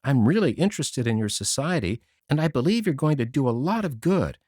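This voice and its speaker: A man reading a storybook voices a timid, cheerful older woman who speaks gently and earnestly. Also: medium pitch, sing-song, a little fast, no room sound, studio quality. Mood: earnest hope.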